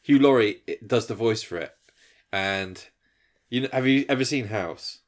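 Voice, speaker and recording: A man's voice: on the low side, normal speed. A man co-hosting a casual podcast, rambling and laughing easily. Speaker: podcast co-host. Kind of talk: casual chat.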